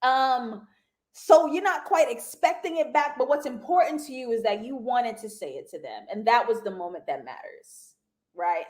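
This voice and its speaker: Hosting a live TV review, a young woman speaks directly to viewers in a loose, slangy style, her voice a bit high for a woman. She laughs a lot and throws in asides while breaking down the episode.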